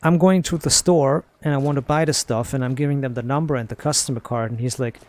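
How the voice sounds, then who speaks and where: A man's voice: mid-range voice, steady tone, fast talker, darkish tone, dry recording. A young man streaming a game, rambling through a story with casual swearing. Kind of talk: casual gaming chat.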